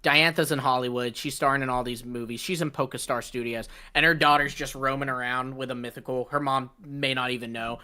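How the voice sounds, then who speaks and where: A man co-hosting a podcast who chats casually and cracks jokes. His voice is bright and his delivery is animated, at an ordinary pitch for a man. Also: a little fast, few pauses, smooth. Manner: animated, joking. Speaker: podcast co-host. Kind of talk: casual chat.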